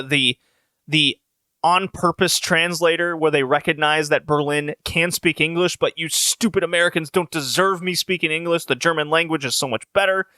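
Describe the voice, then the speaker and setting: A young adult man hosts a casual podcast recap, rambling, swearing freely and restarting sentences. His voice is fairly high and bright. The recording is dry and close. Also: no room sound. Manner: rambling, profane, many restarts. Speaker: podcast host.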